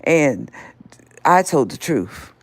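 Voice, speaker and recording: A woman's voice: sits low, very animated, takes it slowly, slightly rough, dry recording. An older woman hosting a live stream, scolding and confronting someone directly in a heated rant.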